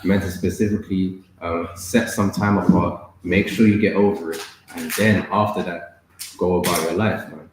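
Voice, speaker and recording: A man co-leading a casual Bible study, explaining steadily and reading scripture aloud at a measured pace. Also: deep voice, steady tone, a little hiss or hum. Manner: measured, reads scripture slowly. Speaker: Bible study co-host and reader. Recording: echoey room.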